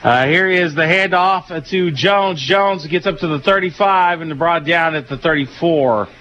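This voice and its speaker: A man's voice: a little high, measured pace, a little hiss or hum. Tired Southern man calling football on radio. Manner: relaxed, folksy, frequent fillers. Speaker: play-by-play announcer. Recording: dull lo-fi radio broadcast.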